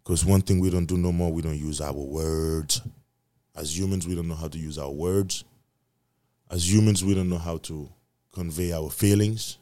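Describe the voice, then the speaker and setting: Deep-voiced profane podcast host. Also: male voice, fairly even intonation, normal speed. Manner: profane, rambling, preachy motivational; repetitive emphatic delivery, swinging loud and soft. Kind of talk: casual solo podcast monologue.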